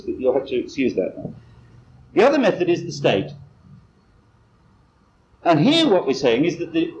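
A man delivers a conference lecture in a fairly high voice, wry and digressive, with self-deprecating asides. The sound is a dull, muffled old cassette recording. It carries a roomy echo and a faint hiss underneath. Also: a little mellow. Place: lecture hall.

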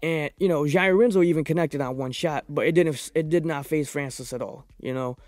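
Profane, excitable young man reviewing fights. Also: fairly high pitch, fairly quick, no echo. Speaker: podcast host. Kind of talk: casual fight review monologue.

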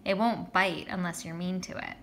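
A woman reading a storybook, voicing an excited, bossy schoolgirl who sounds squeaky and insistent. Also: normal speed, a little hiss or hum, close to an everyday voice.

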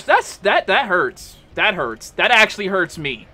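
A young man commentating his own gameplay, trash-talking a boss with loud yelps and exclamations. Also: high-pitched, very animated, a little slow. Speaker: gamer playing a boss fight.

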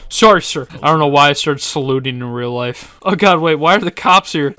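Bright-voiced joking male gamer. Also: on the high side, clean tone, dry recording. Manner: joking, excitable, quick laughs. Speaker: gaming YouTuber. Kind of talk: casual gameplay commentary.

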